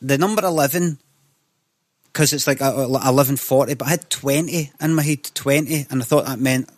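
Scottish guy telling a story, swears a lot, animated, dry close sound. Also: mid-range voice, a little fast, no echo. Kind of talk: casual storytelling.

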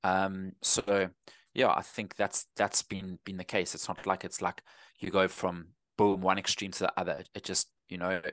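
Guest: 30s South African man, low voice, dry close sound, relaxed and rambling. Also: moderate pace, no echo. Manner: easygoing, rambling with frequent restarts. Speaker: running coach, guest. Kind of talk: casual interview chat.

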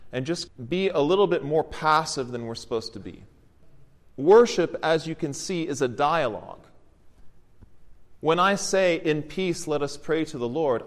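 A man, an Orthodox priest, explaining the liturgy to his congregation in a gently encouraging teaching sermon. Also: on the high side. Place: church. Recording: long church reverb.

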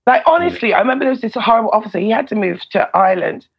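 Gravelly-voiced woman telling stories. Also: a little high, very fast, dull audio. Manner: animated, swears freely, laughs between lines. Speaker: former prison officer and comedian. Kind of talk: casual storytelling in a podcast interview.

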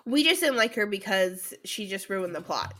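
A woman's voice: medium pitch, expressive, normal speed, bright, forceful tone. A woman co-hosting a podcast, chatting casually with giggly, short reactions. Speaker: podcast co-host. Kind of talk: casual chat.

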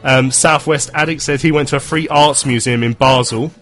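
A man's voice: medium pitch, steady tone, normal speed, a bit bright. A man in his thirties hosting a casual football chat, chatty and laughing often as he reads out listener messages. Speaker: football podcast host.

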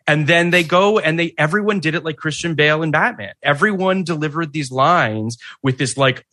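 A man hosting a casual podcast, talking in animated, rambling bursts. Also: a little high, normal speed, no room sound.

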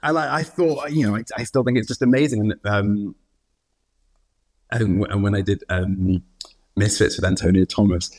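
A man's voice: fairly low pitch, normal speed. A man, an actor guest, chatting casually and animatedly, laughing often and acting out quotes. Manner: animated, laughing, full of restarts and acted-out quotes. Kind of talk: casual interview chat.

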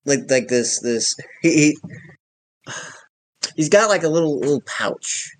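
A man playing a tabletop role-playing game, animated and rambling as he describes his character's actions. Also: fairly high pitch, measured pace. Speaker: player.

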